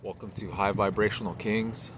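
A man's voice: fairly low pitch, fairly even intonation, moderate pace. A man hosting his own channel, talking casually to camera in a slangy, laid-back way, a little out of breath after a workout. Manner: laid-back, slangy, says "bro" and "right?" a lot. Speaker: channel host. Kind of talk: casual vlog talk to camera. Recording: clear outdoor traffic noise.

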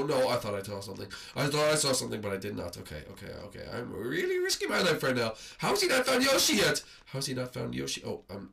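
A man hosting a game video in excitable let's-play commentary, swinging from hushed nervous murmurs to high shrieks. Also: gravelly, recorded from a distance, a little hiss or hum. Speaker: gaming channel host.

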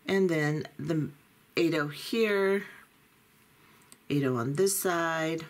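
Low-voiced woman teaching beadwork. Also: drawn-out words. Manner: calm, methodical, talks through each step. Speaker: beading instructor. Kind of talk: step-by-step tutorial.

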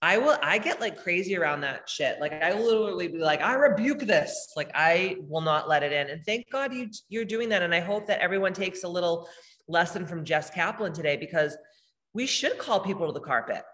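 A woman's voice: fairly low pitch, animated, a little fast, fairly bright tone, long reverb tail. Blunt, swearing spiritual healer woman. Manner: blunt, profane, emphatic. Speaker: spiritual healer hosting a live meditation. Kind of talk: casual livestream spiritual talk, reading chat comments.

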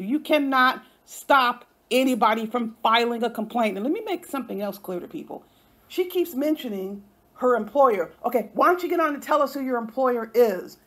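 A woman's voice: a little high, fairly bright tone. A woman hosting an online commentary show, ranting in an indignant, confrontational way and swearing freely. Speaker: YouTube commentary host.

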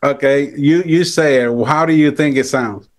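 A man's voice: fairly high pitch, moderate pace. A man from Puerto Rico, a guest drummer, chatting playfully and laughing on a video call from his music room. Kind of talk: casual interview on video call.

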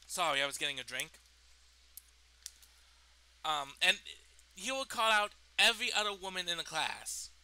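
A young man rambles through a personal story, swearing and restarting his sentences. His voice sits high and sounds very bright and sharp. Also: very animated, normal speed, pauses often, a little hiss or hum, rough recording. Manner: rambling, profane, full of fillers and restarts. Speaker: storytime vlogger. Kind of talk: casual storytime.

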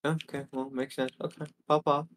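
A man's voice: fairly high pitch, level tone, moderate pace, a little hiss or hum. A man making dry, wisecracking remarks while playing a game with friends. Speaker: gaming friend. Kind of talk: casual gaming chat.

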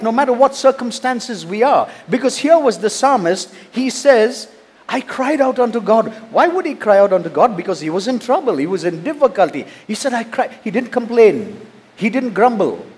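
A man's voice: high voice, big pitch swings, moderate pace, a little mellow, breathy edge. A man, a pastor from India, preaching a sermon, reading scripture and asking rhetorical questions. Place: church.

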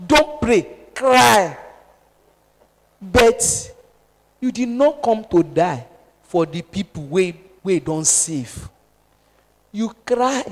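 A Nigerian woman preaches with fervent conviction, her voice rising to forceful exhortation before dropping to urgent, hushed pleas. She talks straight at the congregation in a sermon style. The recording rings with a long reverb from a large hall. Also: fairly low pitch. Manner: impassioned, pleading, swings from loud exhortation to hushed appeals.

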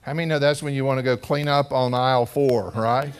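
A male pastor preaching in a church, voice sitting at an ordinary middle pitch. He tells his story in a relaxed, conversational way and keeps turning to the congregation with questions. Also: fairly quick. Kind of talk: storytelling sermon. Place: church sanctuary.

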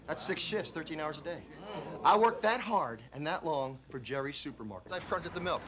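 A flamboyant, middle-aged self-help guru, played by a man, preaching from an infomercial stage in a slightly high voice. He hammers his pitch home with repetitive, showman motivational cadence. A lively studio audience crowd is clearly heard behind him. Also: brisk, lightly acted. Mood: confessional. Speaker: infomercial host. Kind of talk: film infomercial performance.

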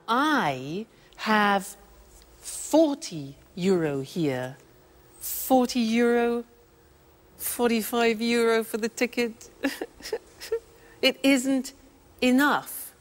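A woman teaching English, explaining words slowly and acting out short example dialogues. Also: on the high side. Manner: deliberate, spelling out words and acting out little dialogues. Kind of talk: slow classroom explanation. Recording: reverberant room.

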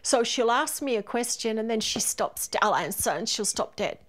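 A woman's voice: on the high side, animated, normal speed. A woman with an Australian accent, a mother, candidly describing home life in an interview. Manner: candid, exasperated storytelling. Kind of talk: interview answers.

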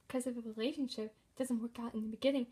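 A woman voicing a calm, sensible young man in a homemade fan movie, speaking patiently and reasoning. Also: on the high side, very fast, breathy edge.

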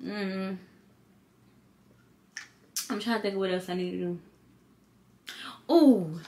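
A woman's voice: mid-range voice, slow. A tired woman, vlogging in a casual late-night chat to camera and telling stories in a slangy way. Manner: chatty storytelling, slangy, animated when retelling.

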